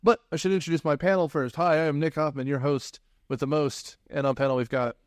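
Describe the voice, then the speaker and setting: A man's voice: on the high side, fairly even intonation, a little fast, no room sound, clean studio sound. A man hosting a casual movie podcast, rambling and hesitant and often breaking into laughter. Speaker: podcast host.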